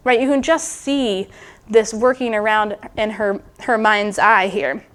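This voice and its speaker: In a measured, fairly bright mid-range voice with fairly even intonation, a guest preacher gives an informal sermon. She muses, restarts and adds asides, sometimes voicing the thoughts of a biblical character.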